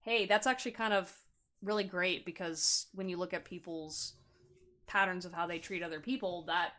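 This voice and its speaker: A young adult woman giving a casual pick-a-card tarot reading, chatty and excitable, breaking into loud laughs. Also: on the low side, moderate pace. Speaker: tarot reader.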